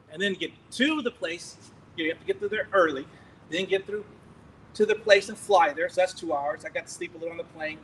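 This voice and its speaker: A middle-aged male preacher telling a story in a sermon, animated and laughing, acting out scenes loudly. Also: sits high, slight background noise, poor audio.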